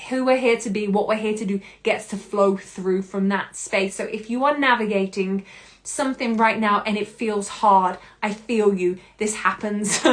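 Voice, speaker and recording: A woman hosting a podcast, giving an expressive self-help monologue and often breaking into laughter. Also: mid-range voice. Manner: expressive, laughs often, acts out her own inner voice. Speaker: podcast host.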